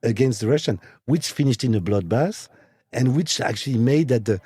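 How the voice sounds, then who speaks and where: Here a watch brand executive appears as a guest in a casual studio interview, with a mellow, husky, mid-range voice. His speech is hesitant and halting, with repeated words.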